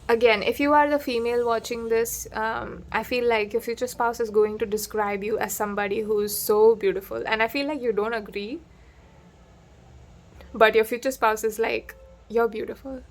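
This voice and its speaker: A woman's voice: a little high, gravelly. Chatty woman giving a tarot reading. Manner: chatty, playful, laughs often, acts out quotes. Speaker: tarot reader. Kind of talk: casual tarot reading to camera.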